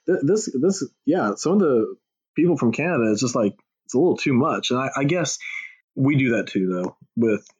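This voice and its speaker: A man's voice: medium pitch, lively intonation, normal speed, darkish tone, slightly rough. A man with a Texan accent, chatting casually as a podcast host, rambling, swearing freely and poking fun at himself. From Texas. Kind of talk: casual chat. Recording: dull lo-fi audio.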